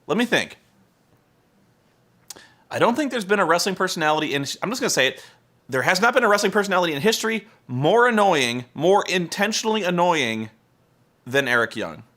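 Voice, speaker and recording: A man with a bright, slightly high voice rants through a wrestling recap with comic exasperation. He swears freely and mimics the wrestlers in a voice that leaps up and down. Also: very animated, fairly quick, pauses often. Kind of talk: comedic profane rant.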